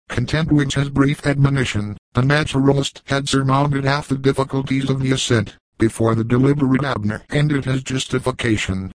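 A man narrating an audiobook in a steady, measured reading, in a dry, close sound. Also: mid-range voice, dry recording, rough recording.

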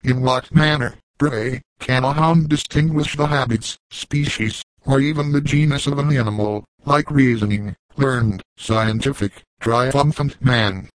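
A man voicing a pedantic scholar-doctor, wordy and easily heated. The voice is mid-pitched and dry, heard up close in a storybook reading. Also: steady tone, measured pace, hardly any pauses, dry recording, lightly acted, poor audio. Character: learned male doctor, fussy, excitable scholar.

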